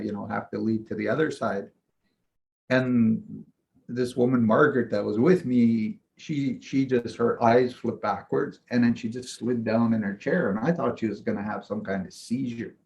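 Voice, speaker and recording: A man's voice: medium pitch, normal speed, gravelly, slight background noise. Man telling a rambling story, lo-fi. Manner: rambling, animated retelling with frequent "I'm like". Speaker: shaman and mentor. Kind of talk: casual storytelling in a conversation.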